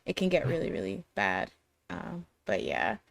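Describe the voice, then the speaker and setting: A woman hosting a casual anime chat, rambling through a recap with many fillers and quick laughs. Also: fairly low pitch, very animated, creaky, dry recording. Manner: chatty, lots of fillers and laughter. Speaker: podcast host.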